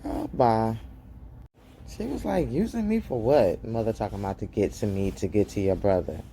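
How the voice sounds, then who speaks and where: A woman giving a casual, gossipy recap of a TV episode to her viewers. She is animated and acts out the characters' lines in high voices. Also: moderate pace, creaky, slight background noise. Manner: chatty, gossipy, talks straight to viewers as "girl". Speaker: show recap host.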